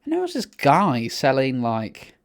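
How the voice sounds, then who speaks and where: A man co-hosting a casual podcast, telling rambling, sweary anecdotes in a relaxed chatty way. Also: mid-range voice, a little slow. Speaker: podcast co-host.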